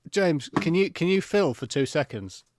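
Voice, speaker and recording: A playful man co-hosting a comedy podcast, bantering quickly with his partner. His voice sits a little high. The sound is close and dry. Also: expressive, a little mellow, no room sound. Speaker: podcast co-host. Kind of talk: comedic live-stream chat.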